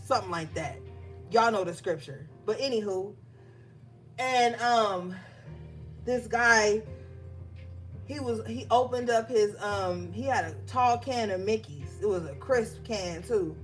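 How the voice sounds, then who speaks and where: A woman giving a casual, emphatic tarot reading, talking straight to her viewers. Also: mid-range voice. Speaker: tarot reader.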